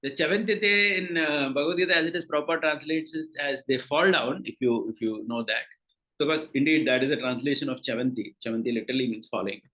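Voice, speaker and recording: Bright-voiced Indian man teaching scripture. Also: mid-range voice, quick pace, muffled recording. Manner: explains patiently, many fillers and repeated words. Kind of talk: scripture class lecture.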